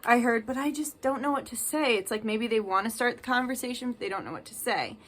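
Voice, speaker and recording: Chatty young woman doing a card reading, bright kinda high voice. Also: fast, a little hiss or hum. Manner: chatty, reads card messages aloud with emphasis. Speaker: tarot card reader. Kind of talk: casual tarot reading.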